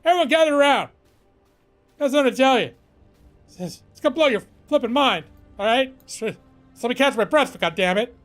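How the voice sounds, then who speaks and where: A man putting on the voice of an overexcited viewer who rambles through a story in a frantic, shouty way with dramatic pauses. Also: very high voice, expressive, soft background music, pitched above the performer's own voice. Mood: breathless, excited.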